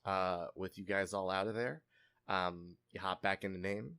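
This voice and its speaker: A man narrating a tabletop game as game master, relaxed and hesitant with fillers. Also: low-pitched, normal speed, clear, resonant tone.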